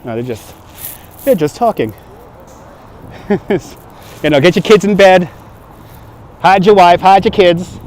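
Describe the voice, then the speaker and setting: A man with a Brooklyn accent hosting a walking city livestream, loud and joking, laughing often as he talks to his chat. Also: high voice, lively intonation, slow pace, long pauses. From Brooklyn, New York. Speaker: livestream host. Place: city streets outdoors. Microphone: handheld phone on gimbal.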